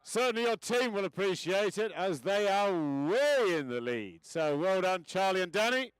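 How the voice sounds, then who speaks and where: A man announcing an equestrian event and calling races live, chatty and cheerful with rising excitement during the action. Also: high voice, normal speed, clear, resonant tone, no room sound, rough recording. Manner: leads a crowd chant. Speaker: event announcer and race commentator. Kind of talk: live race commentary.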